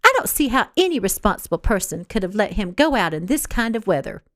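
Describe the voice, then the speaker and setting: A haughty, spoiled young woman, as a female narrator puts her on, talking down to everyone in a snippy, condescending voice. Her pitch swings a lot as she talks. The sound is dry and close. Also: big pitch swings, fairly quick, fairly bright tone, no room sound. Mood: indignant.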